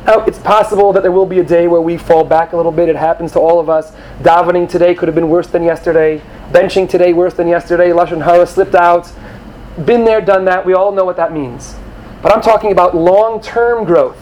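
A man giving an animated sermon to young students, acting out quoted voices and sprinkling in Hebrew terms. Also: high-pitched, fairly quick, rough recording. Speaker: rabbi or teacher addressing students.

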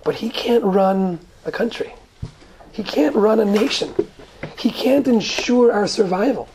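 A woman gives a Torah lesson, moving between Hebrew verses and her own explanations. Her voice has a gravelly, creaky texture, and a faint hiss sits underneath the recording. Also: mid-range voice, animated, normal speed, warm tone. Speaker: Torah teacher. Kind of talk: lecture on Genesis text.

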